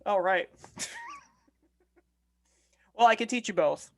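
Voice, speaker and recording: A man's voice: high voice, slow, fairly bright tone, a little hiss or hum. A man co-hosting a casual podcast chat who jokes and teases, then explains his ideas earnestly. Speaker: podcast co-host.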